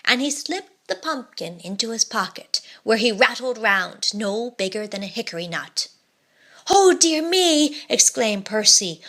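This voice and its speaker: A woman reading a children's storybook aloud in an expressive, dramatic way. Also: a little high.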